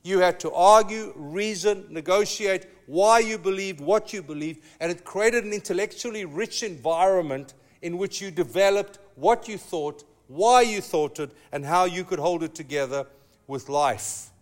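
A pastor with a high-pitched male voice preaches a sermon, telling a story marked by emphatic, slow, dramatic pauses.

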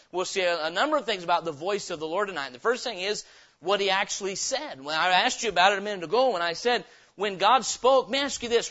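A pastor preaches with a high, ringing voice in a church. He is emphatic and keeps turning his points into questions for the congregation. The recording sounds dull and lo-fi. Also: fairly bright tone. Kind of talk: revival sermon. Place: church sanctuary.

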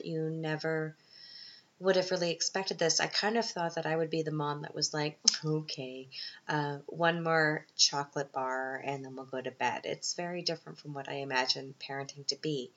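A woman's voice: low-pitched, bright, forceful tone. A woman hosting her own podcast, talking through tears, hesitant and full of ums, on a dull lo-fi recording. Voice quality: unscripted, hesitant with many ums. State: tearful, emotional. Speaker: podcast host. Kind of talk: personal podcast monologue. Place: Vienna.

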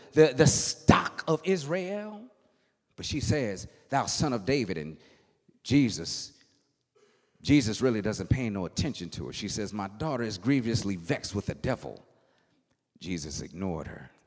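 A man preaching a sermon in a church, swinging from hushed murmurs to shouted, singsong phrases. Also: fairly low pitch. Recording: long hall reverb.

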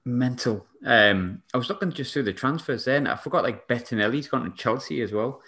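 A man's voice: medium pitch, brisk, sharp tone. A man hosting a casual podcast chat, teasing his co-hosts with questions. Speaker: podcast host.

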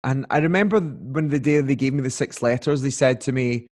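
A man's voice: mid-range voice, brisk, a little mellow. Chatty young man telling a story. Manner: chatty, filler-heavy, acts out quoted voices. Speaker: guest. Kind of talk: casual storytelling chat.

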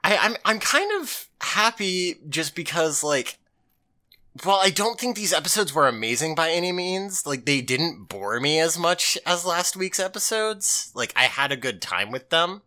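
Animated, bright-voiced male podcast host. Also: a little high, moderate pace. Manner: loose and animated, swears freely. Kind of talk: casual recap chat.

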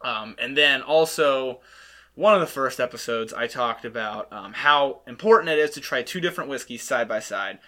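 A man's voice: medium pitch, normal speed, bright, forceful tone. A man hosting a casual podcast, chatting and explaining whiskey to guests, laughing often. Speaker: podcast host teaching whiskey tasting.

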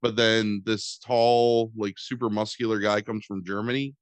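Sarcastic low-voiced man rambling casually. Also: level tone, normal speed, clear, resonant tone, dry recording. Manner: rambling, sarcastic, swears, many fillers like "um" and "like". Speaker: podcast host reviewing a movie. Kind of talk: casual chat.

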